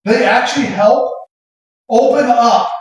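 A woman preaching a sermon with passion, often shouting and lilting into song. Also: fairly high pitch, slow pace. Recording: very echoey hall, voice from far off.

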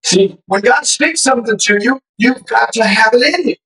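A man's voice: very high voice, moderate pace, pushed and bright, rough recording. A man preaching a testimony, telling his story emphatically and with fervor. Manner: emphatic, fervent retelling with quoted dialogue.

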